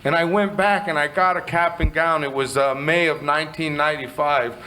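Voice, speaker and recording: A middle-aged man from Southern California, sharing his recovery story in a candid, animated way and swearing casually. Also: a little high, fairly quick, slight background noise, rough recording. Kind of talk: personal storytelling speech.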